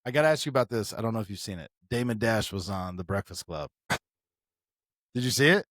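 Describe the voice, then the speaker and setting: A man co-hosting a casual podcast chat, telling stories with animated quoted voices and saying "bro" a lot. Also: on the low side, fast talker, no echo, clean studio sound. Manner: animated storytelling, mimics quotes, says "bro" often. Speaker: podcast co-host.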